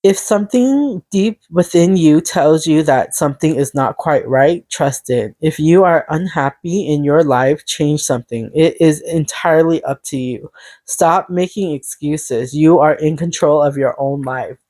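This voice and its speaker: A woman giving a casual tarot reading, earnest and encouraging, rambling with halting restarts. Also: deep voice, warm tone. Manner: earnest, encouraging self-help tone. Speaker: tarot reader.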